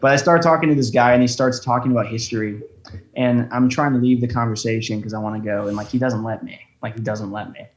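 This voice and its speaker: A man's voice: medium pitch, steady tone, quick pace, echoey room, highs cut off. A young man telling travel stories in a loose, rambling way, swearing often. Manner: rambling storyteller, swears a lot. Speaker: guest. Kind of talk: casual chat. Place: room of a rental flat.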